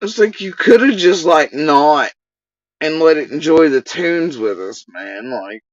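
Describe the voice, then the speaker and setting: A woman's voice: sits low, expressive, measured pace, no echo, muffled recording. A woman telling a casual story on a livestream, rambling, laughing and swearing freely.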